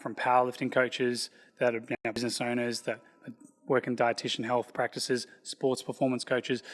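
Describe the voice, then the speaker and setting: Loud energetic male trainer in a reverberant hall. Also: mid-range voice. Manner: loud, energetic, self-described loud guy. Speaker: personal trainer and business founder. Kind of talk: casual podcast talk.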